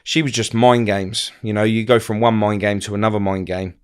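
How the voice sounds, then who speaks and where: Halting, low-voiced man. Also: level tone, smooth. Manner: rambling, halting, many fillers and restarts. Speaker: interview guest. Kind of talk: casual storytelling interview.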